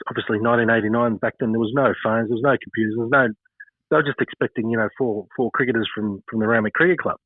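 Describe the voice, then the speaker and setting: An Australian man in his fifties, a former cricketer recounting stories at a relaxed, rambling pace. His pitch sits in the middle range. The sound is thin and phone-like, with a dry, roomless quality. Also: racing, dry recording. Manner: rambling, many fillers, chuckles while telling stories. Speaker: former cricketer, podcast guest. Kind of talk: casual interview storytelling.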